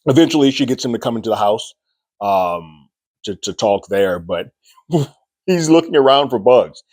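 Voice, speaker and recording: A TV show reviewer loosely recaps an episode, chatting casually, often restarting sentences and acting out quotes. His medium-pitched voice has lively intonation, a darkish tone, and a normal pace, recorded dry.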